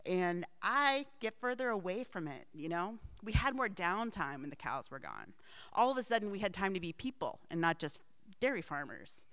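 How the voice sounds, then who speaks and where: A woman's voice: lowish voice, sing-song, moderate pace, a bit bright, dry recording. A middle-aged woman telling a personal family story in a rambling way, with asides and frequent laughs.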